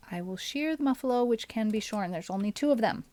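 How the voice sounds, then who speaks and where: A woman's voice: a little high, lively intonation, normal speed, darkish tone. A young adult woman streaming a game, chatting casually and musing aloud while answering her chat.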